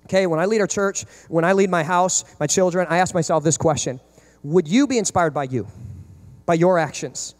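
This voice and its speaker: A man's voice: high-pitched, fairly quick. A man in his thirties preaching a sermon as pastor, emphatic and full of rhetorical questions.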